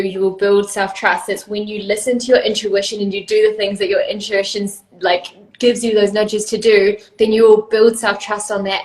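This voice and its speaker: Enthusiastic woman host in an echoey room. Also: medium pitch. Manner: enthusiastic, affirming, laughs often. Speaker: podcast host. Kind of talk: casual interview chat.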